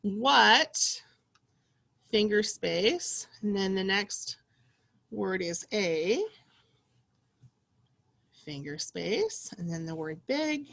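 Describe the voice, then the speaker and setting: A woman teacher leading a slow, clearly spoken early reading lesson for young children, with exaggerated excited reading of practice sentences. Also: medium pitch.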